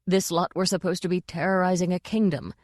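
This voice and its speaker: Woman audiobook narrator, measured and expressive, lowish pitch, dry close sound. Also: dry recording. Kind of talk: scripted narration.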